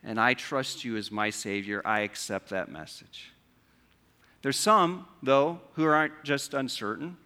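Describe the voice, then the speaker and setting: A man's voice: medium pitch, measured pace, pushed and bright, smooth. A man preaching a sermon as pastor, conversational, asking his listeners rhetorical questions. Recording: long hall reverb.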